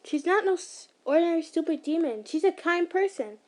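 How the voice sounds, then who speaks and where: A woman lends her voice to a young male demon slayer, stern and protective. He speaks in short, blunt lines and swears under his breath. The voice sits fairly high. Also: expressive, brisk. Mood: tense, blunt. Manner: curses under breath, terse.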